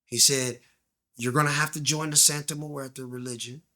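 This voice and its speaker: The man speaks in a steady, sharp mid-range voice at a normal speed. As a guest in a candid storytelling interview, he narrates his story in slang, acts out voices in quoted lines, and drops to a near-whisper at tense points.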